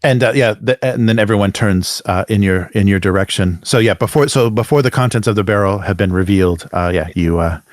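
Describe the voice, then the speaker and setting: A lower-pitched man narrates a tabletop game as game master. He pauses often and restarts in a halting way. The sound is dry and close to a desk mic. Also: dry recording. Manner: halting, stop-start.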